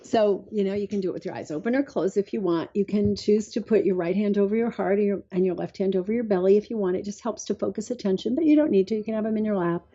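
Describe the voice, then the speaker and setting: A middle-aged woman, a guest expert, telling chatty stories full of fillers and later calmly guiding a breathing exercise. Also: mid-range voice, quick pace, hardly any pauses, highs cut off. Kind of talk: conversational storytelling, then guided breathing.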